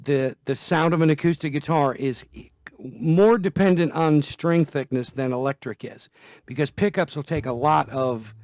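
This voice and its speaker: This vlogger's voice is on the high side with a darkish tone, moderately paced, and recorded with no room sound. He discusses guitar care in a relaxed, folksy manner, saying things more than once, while a guitar is heard at times.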